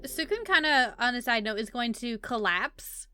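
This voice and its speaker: A woman's voice: fairly high pitch, expressive, normal speed, sharp tone, smooth. A woman playing a tabletop game, describing her character's actions in casual chat. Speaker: player.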